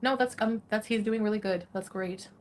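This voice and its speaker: A woman's voice: mid-range voice, steady tone, normal speed, a little hiss or hum. A woman, chatting casually on a livestream in a rambling, giggly way full of fillers. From Canada.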